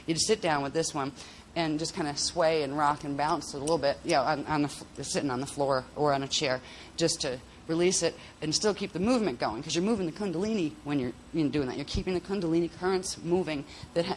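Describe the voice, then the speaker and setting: Chatty, rambling workshop instructor at mid pitch. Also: a little hiss or hum. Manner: rambling, chatty, with frequent restarts and laughter. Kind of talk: casual spoken lesson on vocal toning. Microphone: handheld mic.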